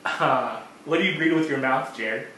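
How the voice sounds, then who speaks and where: A man's voice: mid-range voice, pushed and bright. Rambling man in an echoey room. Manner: rambling, halting, lots of fillers and repeated words. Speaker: podcast co-host. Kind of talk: casual chat. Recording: very echoey room with faint noise.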